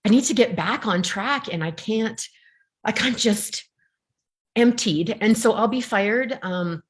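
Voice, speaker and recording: A woman in her fifties from Canada, a coaching client on a video call, exhausted and close to tears, speaking haltingly. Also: mid-range voice. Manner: halting, hesitant.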